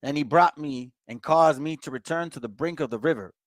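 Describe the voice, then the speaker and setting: A laid-back man leading a casual Bible study, reading verses aloud and then unpacking them in plain talk for his listeners, whom he calls family. His voice sits a little high. The sound is close and dry. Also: fairly quick, no echo. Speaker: Bible teacher.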